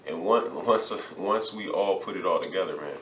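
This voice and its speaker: Deep-voiced retired athlete, earnest. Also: male voice, normal speed, a bit bright, far from the mic. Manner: earnest, repeats words when searching for them. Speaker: guest, retired basketball player. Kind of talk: casual interview talk. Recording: roomy, from off the mic, faint noise.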